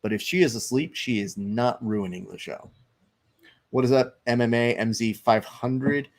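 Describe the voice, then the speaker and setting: A man with a medium-pitched voice, speaking at normal speed, hosts a live stream. He chats loosely and swears, reading viewer comments aloud and remarking on fights.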